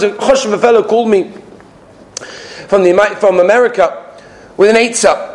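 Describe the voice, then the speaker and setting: A man teaching a Torah class, sprinkling in Hebrew and Yiddish terms and swinging between loud exclamations and hushed asides. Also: a little high, animated, fast talker. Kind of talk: Torah lecture.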